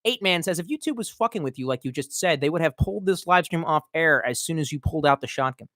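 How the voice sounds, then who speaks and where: A male streamer talks off the cuff, cursing and wandering from one thought to the next while he answers chat. His pitch swings widely, and the sound is dry and close on a desk mic. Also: expressive, fast talker, bright, forceful tone, no room sound. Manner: profane, rambling, reacts to chat. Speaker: live streamer. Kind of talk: casual live-stream chat.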